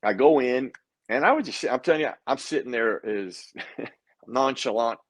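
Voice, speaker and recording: Here the man has a medium pitch and a normal pace, with no room sound. He's a guest in a casual interview, animatedly telling his own story and acting out what others said.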